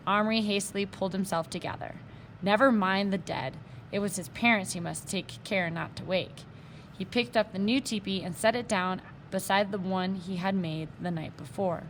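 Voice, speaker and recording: A woman reads a children's chapter book aloud in a mid-pitched, everyday voice, dropping in small asides and correcting slips. A faint hiss of noise hangs behind her. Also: moderate pace. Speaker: reader. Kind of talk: reading a children's novel aloud.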